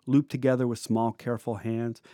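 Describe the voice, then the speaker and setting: A man in his fifties reads his own memoir aloud. His delivery is reflective and measured, lingering on descriptive details. His pitch is mid-range for a man, and the recording is dry and close with no room sound. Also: little pitch movement, mellow, no echo. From United States. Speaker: memoir narrator. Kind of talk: reading a personal memoir aloud.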